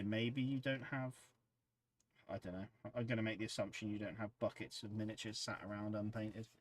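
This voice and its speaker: A man hosting a casual livestream, rambling in an easygoing way as he reads out chat messages. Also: on the low side. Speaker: livestream host.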